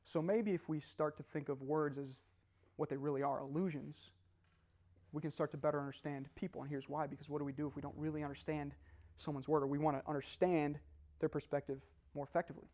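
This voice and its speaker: A young man leads a live motivational seminar with an animated, laughing delivery. His voice sits slightly higher than most men's. He keeps asking the audience questions as he talks. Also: fast talker. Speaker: motivational speaker.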